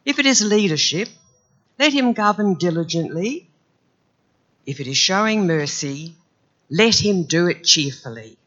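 A man reads scripture aloud with a slightly croaky voice, pitched high and paced slowly. His delivery is measured and earnest, in the manner of a church Bible reading. The recording sounds a little dull and lo-fi. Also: animated, pushed and bright. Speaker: scripture reader.

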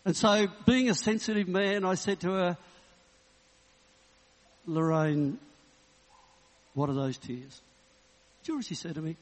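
A man in his sixties, a Baptist minister, preaching in a relaxed, humorous storytelling way. His voice sits a little high for a man. The sound rings with the long reverb of a church hall. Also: measured pace, pauses often. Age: 60s. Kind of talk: sermon with personal story and prayer.

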